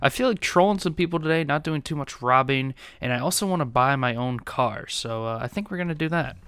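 A young man giving excitable gameplay commentary as a YouTuber, laughing often. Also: mid-range voice, fairly quick, clear, resonant tone, no echo. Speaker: gaming YouTuber. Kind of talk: gameplay commentary and role-play.

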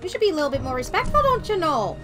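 A woman's voice: sits high, big pitch swings, rapid-fire, loud music behind the voice, voice pushed up. A woman putting on a Minnesotan accent, voicing a cheery, friendly Minnesotan woman in a sing-song way. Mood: chirpy.

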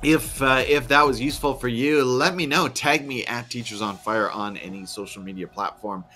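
A man, a teacher, narrating a screen-recorded software tutorial in a chatty, step-by-step way with dry little asides. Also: mid-range voice, moderate pace, faint music behind.

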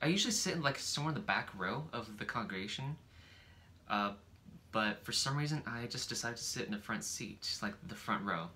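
A man in his twenties answers questions in a casual couple vlog, talking hesitantly with many pauses and restarts. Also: mid-range voice, lively intonation, bright, forceful tone, a little hiss or hum. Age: 20s. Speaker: boyfriend guest.

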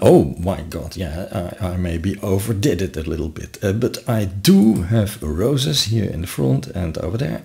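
Slow, gravelly man explaining a tutorial. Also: on the low side. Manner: relaxed, explains step by step with frequent uh fillers. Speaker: tutorial host. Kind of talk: screen-recorded software tutorial.

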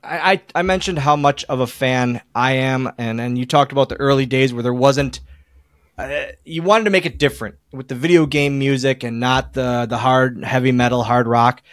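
A man hosting a casual podcast interview, enthusiastic and halting with frequent restarts. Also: medium pitch, no echo, studio quality. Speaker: podcast host.

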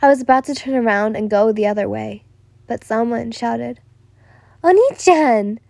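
A woman's voice: a little high, steady tone, normal speed, gravelly, darkish tone, dry recording. A young woman narrating a first-person listener story, stumbling and restarting now and then. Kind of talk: reading a listener-insert story.

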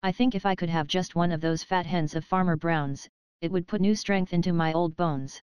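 A woman reading the part of a shrewd, wise old female fox who lectures calmly in a storybook. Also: lowish voice, moderate pace, clear, resonant tone, dry recording, lightly acted, poor audio. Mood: scheming. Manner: calm, lecturing, matter-of-fact.

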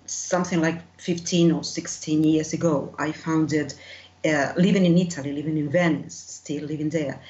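A woman's voice: lowish voice, roomy sound, lo-fi sound. A middle-aged woman, a marketing consultant, answering interview questions in a hesitant way with many fillers and easy laughs.

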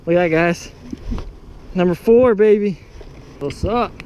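A man hosting a fishing vlog from a boat, casual and excitable, hollering when he lands a fish. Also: sits high, a little slow. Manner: excitable, hollers over catches. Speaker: fishing vlogger. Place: outdoors on a small fishing boat. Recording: noisy outdoor boat audio.

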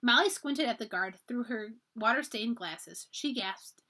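Expressive woman reading a children's book. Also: on the high side, measured pace, hardly any pauses, husky. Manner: expressive, animated narration. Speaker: library storyteller. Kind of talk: children's storybook read-aloud.

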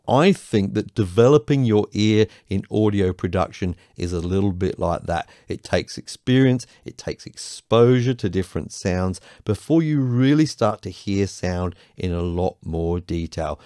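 A man with a very low, deep voice talks through an audio production lesson, patient and reassuring, pausing to check in with the viewer. The sound is dry and close, with no room echo at all. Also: darkish tone. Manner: patient, reassuring, explains step by step with frequent "okay?". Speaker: music production tutor. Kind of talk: tutorial explanation.

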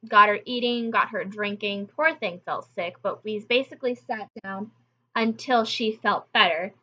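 A woman's voice: mid-range voice, pushed and bright, highs cut off. A young woman hosting her own channel, telling a story in a casual, chatty way straight to her viewers. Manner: chatty, conversational, addresses viewers directly. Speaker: channel host.

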